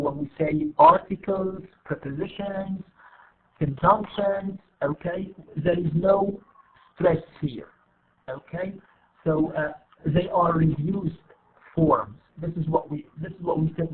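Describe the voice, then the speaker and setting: A man teaching an online English class, repeating his questions to students and dropping into quick asides. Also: on the high side. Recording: tinny online-class audio.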